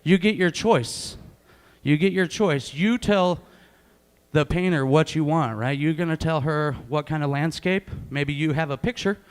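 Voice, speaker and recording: A man who is a champion auctioneer, calling bids at a live charity auction in a very fast, clipped chant. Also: a little high, clear, resonant tone. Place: large event hall.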